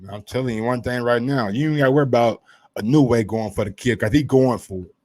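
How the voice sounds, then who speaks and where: A man hosting a casual sports commentary show, brash and profane, swinging from low asides to loud heated rants. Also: brisk.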